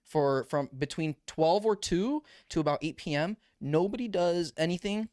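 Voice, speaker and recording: A young man co-hosting a podcast in casual chat, excitable and quick, dropping "bro" often. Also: a little high, dry recording, clean studio sound. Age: young adult. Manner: excitable, says "bro" a lot. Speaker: podcast co-host.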